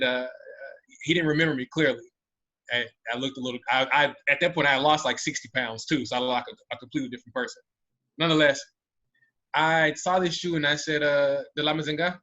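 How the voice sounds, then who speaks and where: American man telling a story, bright voice. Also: mid-range voice. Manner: animated, with many restarts. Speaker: panelist. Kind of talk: storytelling in a panel talk. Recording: dull lo-fi audio.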